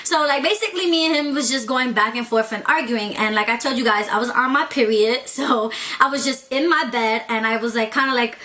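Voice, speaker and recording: A young woman vlogger telling a storytime tale in an animated, profane, chatty way. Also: fairly high pitch, fairly quick, hardly any pauses. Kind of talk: storytime vlog.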